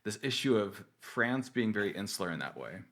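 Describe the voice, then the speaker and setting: A man hosts a technical podcast interview with a somewhat low voice. He asks questions in a relaxed, conversational way and now and then trips over his words. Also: a little fast. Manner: conversational, some stumbles. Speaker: podcast host. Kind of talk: casual interview.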